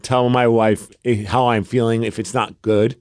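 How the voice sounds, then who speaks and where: A man's voice: medium pitch, moderate pace, no echo, studio quality. Chatty man rambling through stories. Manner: rambling, animated storytelling with many fillers. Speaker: podcast co-host. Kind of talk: casual chat.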